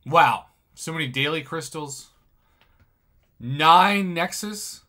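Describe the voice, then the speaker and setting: A man commentating on someone else's game crystal openings, excitable and jokey, with sudden loud bursts of surprise. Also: on the high side, slow. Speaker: gaming commentator.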